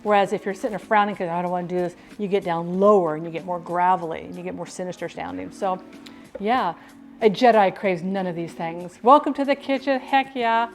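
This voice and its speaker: A woman's voice: fairly low pitch, a little fast, faint music behind. A middle-aged woman chatting casually on a live stream, upbeat and talkative, often breaking into laughs.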